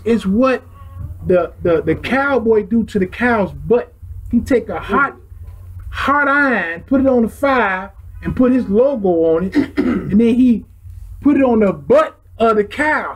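A man teaching a religious class, preaching in casual street talk with lively illustrations and sound effects. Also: very high voice, a little slow, husky, rough recording.

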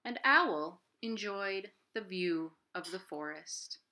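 Working from home, a female children's librarian performs a picture book for young listeners, with lively storytelling and sound effects. She speaks slowly at a medium pitch.

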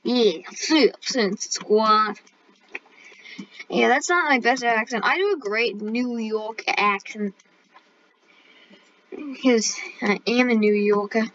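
A playful woman hosting a casual gaming video, joking and plugging her channel. Her voice is high and bright. The recording is dull and lo-fi. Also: slow pace, pauses often, a little hiss or hum. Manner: playful, joking, self-promoting. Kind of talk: casual gameplay chat.

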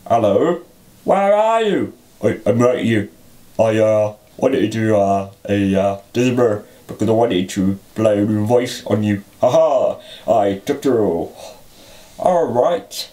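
A man's voice: lowish voice, lively intonation, takes it slowly, warm tone, far from the mic. A man voicing a muddled, forgetful male rabbit puppet who stammers and trails into filler sounds in a homemade puppet comedy.

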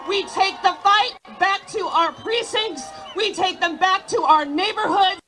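A woman giving a shouted rally speech outdoors, leading the crowd in chants. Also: very high-pitched, a little slow, soft background music. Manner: chanting, call-and-response with crowd. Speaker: rally speaker.

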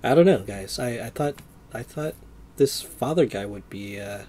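A man's voice: mid-range voice, lively intonation, normal speed, warm tone, a little hiss or hum. A man giving casual gameplay commentary, chatty and joking, with surprised exclamations. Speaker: let's play gamer.

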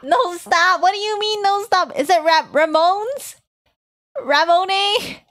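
A woman's voice: very high-pitched, moderate pace, a bit bright, voice pushed up. A woman streamer putting on a cutesy uwu baby-talk voice, giggling and stumbling over words as she reads to chat. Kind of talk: live stream chat in a put-on voice.

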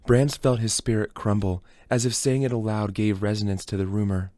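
Low-voiced man narrating a story. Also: little pitch movement, moderate pace, hardly any pauses, a little mellow, no echo. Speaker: audiobook reader.

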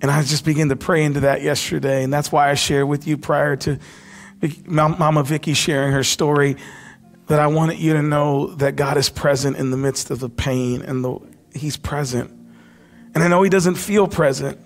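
A man preaching a sermon as pastor, impassioned, dropping to a hush when he quotes. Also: fairly high pitch, fairly even intonation, normal speed, faint music behind. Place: church sanctuary.

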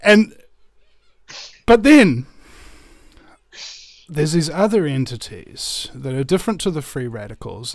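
A man's voice: mid-range voice, no room sound, clean studio sound. A man chatting on a talk show, rambling through ideas with fillers and restarts and telling stories with animation. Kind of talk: casual chat, storytelling.

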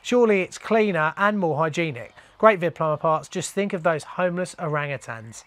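A man's voice: fairly high pitch, lively intonation, fairly quick, fairly bright tone. A man hosting his plumbing channel, casually reading out viewer comments and joking with viewers he calls mate.

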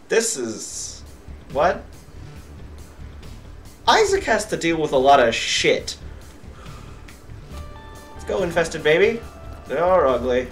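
A young man giving let's play commentary, cursing at enemies and getting excitable. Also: on the high side, slow, pauses often. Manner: profane, excitable, yells at enemies. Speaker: gamer. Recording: distant mic with game music behind.

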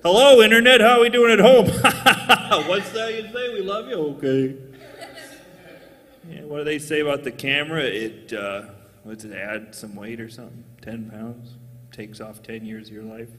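A man doing a live stand-up comedy set on stage, jokey, often jumping into squeaky put-on voices. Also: normal speed, a bit bright, long reverb tail, a little hiss or hum.

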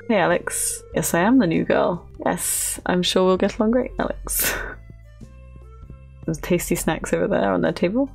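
A young woman talks her way through a farming game, chatty and quick to laugh. Her voice has a gravelly, fry-edged texture, with faint music playing underneath. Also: medium pitch, darkish tone. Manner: chatty, giggly, talks to characters. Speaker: gaming channel host. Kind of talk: casual let's play commentary.

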